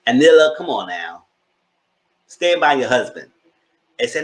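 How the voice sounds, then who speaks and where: A man in the middle of a casual TV recap, talking loosely and giving his opinions. His voice sits in the middle range, and he jumps into high squeaky voices when quoting the cast. The room around him is noticeably echoey. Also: sing-song, measured pace. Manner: chatty, opinionated, acts out quotes in high voices. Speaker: TV show reviewer.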